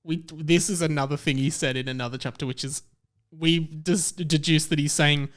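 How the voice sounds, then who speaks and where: A man's voice: a little high, fairly even intonation, normal speed, a bit bright. A man co-hosting a comedy podcast, explaining things casually and laughing often. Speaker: podcast co-host.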